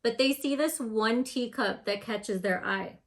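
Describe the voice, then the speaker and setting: A woman's voice: on the high side, a little slow. A woman telling a motivational story, earnest and speaking straight to the listener. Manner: earnest, addresses the listener directly.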